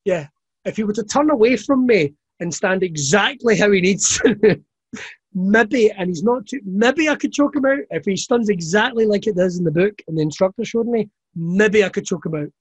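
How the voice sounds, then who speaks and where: A man's voice: sits high, expressive, normal speed, breathy edge, no room sound. A middle-aged man, a comedian, telling stories in casual chat, laughing often and swearing freely.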